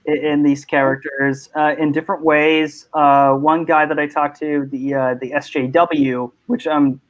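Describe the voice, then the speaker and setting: A man's voice: on the high side, level tone, a little slow, lo-fi sound. A man hosting a casual panel chat, talking in rambling bursts with many restarts and laughs. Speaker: host.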